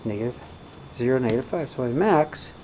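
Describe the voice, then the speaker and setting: A man's voice: medium pitch, lively intonation, brisk, a little mellow, rough recording. Casual male math teacher, faint hiss. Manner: casual, checks in often with "right?" and "okay?". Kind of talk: recorded math lesson.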